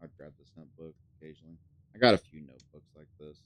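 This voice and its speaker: A man's voice: extremely low pitch, racing, background noise. A man casually commenting on a puzzle game as he plays, rambling with lots of fillers and the odd swear, sometimes dropping to a mutter. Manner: drops to a mutter when thinking aloud. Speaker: gaming channel host. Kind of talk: casual let's play commentary.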